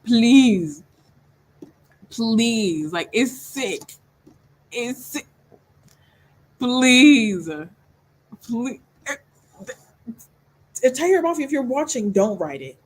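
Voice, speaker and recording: A woman's voice: a little high, lively intonation, extremely slow, long pauses, rough recording. A young woman hosting a book club livestream, chatting casually and animatedly, laughing often and acting out scenes in voices. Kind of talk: casual chat.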